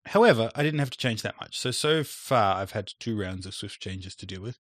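Deep-voiced man, casual podcast chat. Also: expressive, fairly quick, a bit bright, dry recording, studio quality. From Australia. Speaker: podcast co-host.

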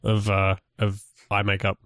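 A man's voice: on the low side, monotone, measured pace, a bit bright, no echo, studio quality. A man co-hosting a podcast, chatting casually and rambling with many restarts and fillers. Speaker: podcast co-host. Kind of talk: casual chat.

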